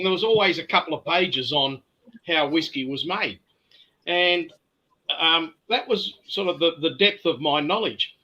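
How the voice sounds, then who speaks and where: Bright-voiced older Australian storyteller. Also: male voice, on the high side. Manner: yarn-spinning, earthy. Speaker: guest distiller. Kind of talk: casual storytelling chat. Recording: dull lo-fi sound.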